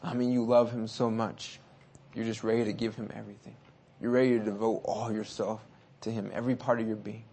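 A man preaching a sermon. He shifts between hushed and loud passages, urges his listeners on, and reads scripture slowly and deliberately. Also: fairly low pitch, little pitch movement, husky.

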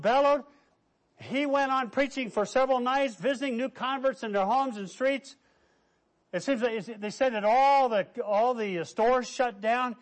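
A man preaching a sermon, telling stories with lively quoted voices and quiet asides. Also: extremely high pitch. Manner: animated, quotes figures in raised voice, drops to quiet asides. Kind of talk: sermon storytelling.

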